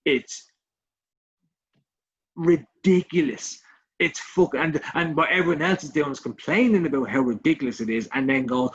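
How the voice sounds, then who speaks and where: A man's voice: medium pitch, fairly quick. Ranting Irish man, muffled audio. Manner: swearing, ranting, repeats himself. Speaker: podcast co-host. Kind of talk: casual chat.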